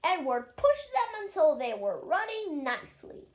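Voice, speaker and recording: A reader tells a storybook aloud with lively, expressive delivery. The voice is high and swings widely in pitch. The pace is slow and deliberate.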